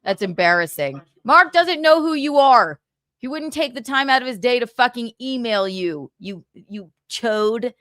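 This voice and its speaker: Gossip host, woman, fairly high pitch, dry close mic, mocking tone. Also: fairly bright tone, dry recording. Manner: mocking, insulting, laughing. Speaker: livestream host. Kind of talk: gossip livestream chat.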